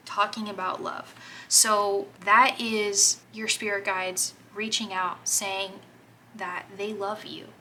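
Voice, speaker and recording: Woman, tarot reader, slow delivery, gentle, encouraging, reassuring, gushing, faint room hum. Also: mid-range voice, rough recording. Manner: gushing over the cards. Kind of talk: spoken tarot reading to viewers.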